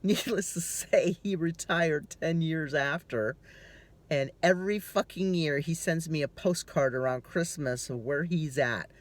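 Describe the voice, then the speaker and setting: A man's voice: on the high side, a little slow. Tired, rambling man chatting from a car. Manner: rambling, swears freely, laughs easily. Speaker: vlogger. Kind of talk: casual chatty storytelling.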